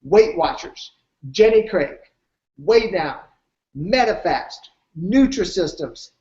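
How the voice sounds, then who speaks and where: A man's voice: high-pitched, animated, slow pace, mellow, reverberant, dull audio. A man voicing a blunt, skeptical woman nursing director in his own everyday voice while telling a story. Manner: blunt, defiant.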